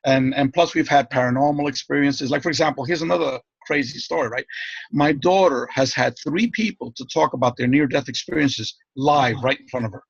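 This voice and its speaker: A man's voice: medium pitch, fairly quick, creaky, husky, no echo, dull audio. A man being interviewed as a guest, telling one story after another in a rambling, eager way and often checking in with "okay?".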